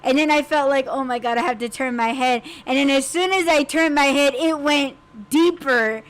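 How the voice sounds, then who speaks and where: A woman hosting a podcast, telling a story in casual chat, animated and laughing as she acts out her own screams. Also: sits high, normal speed. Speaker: podcast host.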